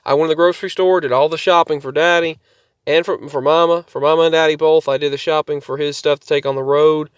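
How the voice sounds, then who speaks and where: A man's voice: mid-range voice, clear, resonant tone, no echo, clean studio sound. A man telling a rambling story to camera for his channel, often repeating and restarting his sentences. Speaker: vlogger.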